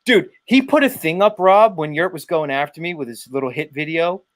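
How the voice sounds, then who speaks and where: A man's voice: fairly high pitch, a little fast. A man hosting a live stream, ranting and taunting a rival with profanity. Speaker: livestream host. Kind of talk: ranting commentary.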